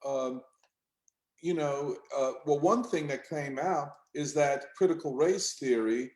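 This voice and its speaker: A man in a casual discussion, speaking in a measured, reflective way. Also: on the high side, darkish tone. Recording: roomy echo.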